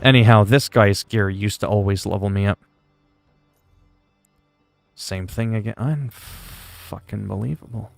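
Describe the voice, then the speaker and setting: Laid-back low-voiced male streamer. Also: fairly even intonation, a little slow, long pauses, faint music behind. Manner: laid-back, rambling, profane. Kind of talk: casual gaming livestream chat.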